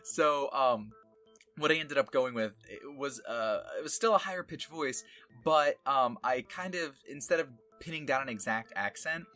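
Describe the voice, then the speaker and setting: A man's voice: medium pitch, lively intonation, normal speed, sharp tone, faint music behind. A man voice actor talking casually about his past roles, rambling with many fillers and small laughs. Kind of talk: casual retrospective talk.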